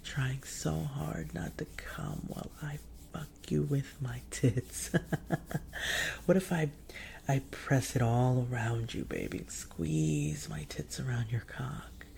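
A woman in a whispered role-play, taking her time over every phrase and slipping into a gravelly fry. She teases and gives orders, with soft laughs between lines. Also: extremely low pitch, a little hiss or hum. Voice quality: often whispered. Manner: teasing, commanding, laughs softly. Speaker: audio role-play performer.

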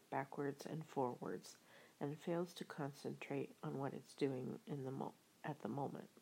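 A woman reading an audiobook in a soft, half-whispered way. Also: low-pitched, gravelly, rough recording. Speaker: audiobook reader. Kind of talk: audiobook narration.

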